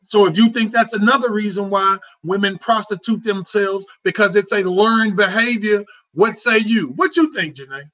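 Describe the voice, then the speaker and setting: A man's voice: sits high, moderate pace, hardly any pauses, fairly bright tone. A man hosting a casual talk show, speaking in a heartfelt, repetitive, conversational way. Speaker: host. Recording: dull lo-fi sound.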